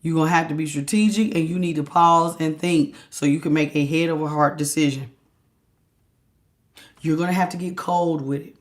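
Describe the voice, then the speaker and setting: A woman giving a tarot reading to her viewers, talking in an animated, emphatic and casual slangy way. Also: deep voice. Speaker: tarot reader. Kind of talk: direct-to-camera tarot reading.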